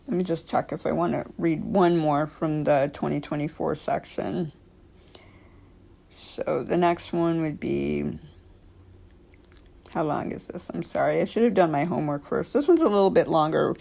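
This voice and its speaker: Raspy-voiced woman reading creepy stories. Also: low-pitched, a little mellow. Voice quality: scratchy, raspy throat. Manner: chatty asides, filler-laden. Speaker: story reader.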